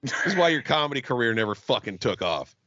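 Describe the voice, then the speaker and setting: A man's voice: mid-range voice, very animated, fast, sharp tone, no room sound, highs cut off. A man co-hosting a comedy podcast, brash and profane, trading crude jokes. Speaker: podcast co-host.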